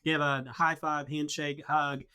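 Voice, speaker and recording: A man's voice: on the high side, level tone, a little slow, bright, forceful tone, smooth. A man who heads a mission organization, appearing as a podcast guest and patiently explaining how things are planned, step by step. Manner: explanatory, walks through plans step by step. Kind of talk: casual podcast conversation.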